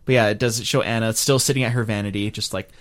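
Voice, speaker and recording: A man's voice: fairly low pitch, fairly even intonation, fast. A man co-hosting a podcast, chatting casually about a film with plenty of fillers. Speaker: podcast co-host. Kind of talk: casual chat.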